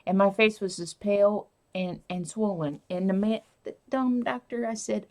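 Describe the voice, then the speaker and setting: A woman's voice: mid-range voice, normal speed, hardly any pauses, darkish tone. A woman hosting a casual live stream, rambling and answering viewer comments as she talks.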